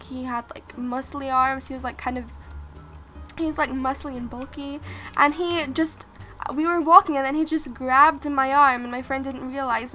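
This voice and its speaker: A woman's voice: high-pitched, bright, forceful tone, a little hiss or hum. A woman vlogger telling a story in a chatty, rambling way with lots of restarts while playing a game. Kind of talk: casual storytime while gaming.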